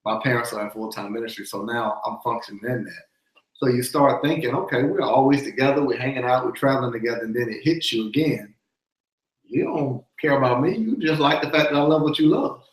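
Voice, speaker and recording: Man guest, mid-pitched voice, thoughtful, searches for words, echoey room. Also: a little fast. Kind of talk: casual faith talk chat.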